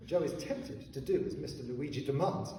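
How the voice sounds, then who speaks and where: A man narrating a children's story in an expressive, animated reading style. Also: mid-range voice, moderate pace, far from the mic. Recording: echoey hall, voice heard from afar, faint noise.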